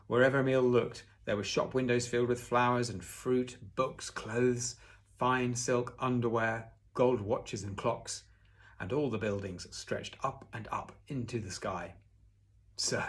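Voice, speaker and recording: A man reading a children's novel aloud in an expressive way, sometimes stepping out of the story for a casual aside to the listener. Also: fairly low pitch. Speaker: audiobook reader.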